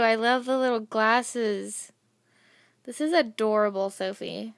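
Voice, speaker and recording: A young adult woman gushing over gifts in a casual unboxing vlog, with bursts of breathy excitement. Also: on the high side, measured pace, dry recording, clean studio sound. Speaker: vlogger.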